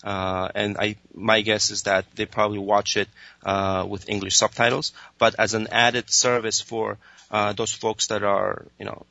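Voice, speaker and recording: A man with a low but bright, forward voice answers interview questions. He hesitates constantly, filling gaps with uh and um and restarting phrases. The recording is dry and somewhat dull. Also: flat delivery, unhurried, vocal fry, no echo. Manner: hesitant, many fillers and restarts. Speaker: streaming executive guest.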